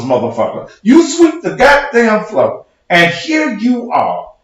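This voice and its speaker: A man's voice: high voice, huge pitch swings, a little slow, hardly any pauses, a bit bright. A man who preaches and hosts his own show, in a heated livestream rant, profane, combative and mocking. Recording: very echoey room.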